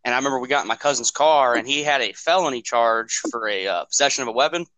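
Fast-talking bright-voiced podcast man. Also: medium pitch, no echo, poor audio. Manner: profane, rambling, acts out quotes. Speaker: podcast co-host. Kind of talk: casual storytelling.

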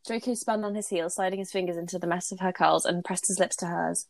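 A woman's voice: fairly low pitch, fairly even intonation, fast, creaky, few pauses, no room sound. A woman co-host reading romantic fan fiction aloud, with giggly, embarrassed asides.

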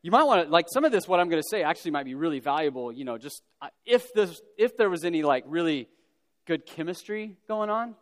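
A man giving a casual, animated storytelling talk to young people, with lots of fillers and repeated words. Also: fairly high pitch, fast talker. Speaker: youth speaker. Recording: long hall reverb.

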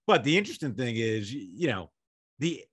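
A man's voice: medium pitch, big pitch swings, brisk, a bit bright, breathy edge, dry recording, clean studio sound. A male podcast co-host chatting casually, musing and explaining his point. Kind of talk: casual interview chat.

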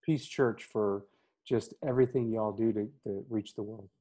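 A man, a missionary guest, answering casual questions with a joking, self-deprecating manner and halting fillers. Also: fairly low pitch, fairly even intonation, dark tone. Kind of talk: casual interview chat.

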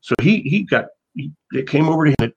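A man's voice: a little high, expressive, fairly quick, gravelly, darkish tone, breathy edge, highs cut off. An older man, an actor guest, telling anecdotes in a casual interview, rambling with frequent restarts. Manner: rambling, restarts often, laughs.

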